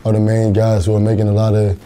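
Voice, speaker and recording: A man's voice: fairly low pitch, monotone, fast talker, warm tone. A young college football player answering interview questions in an earnest, plain-spoken way, often repeating words as he thinks. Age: young adult.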